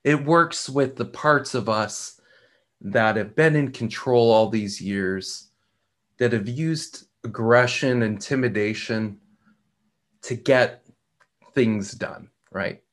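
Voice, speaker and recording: A middle-aged man hosts a podcast with a reflective feel, speaking slowly and deliberately, often pausing and repeating words. His voice sits at medium pitch with a slightly bright quality.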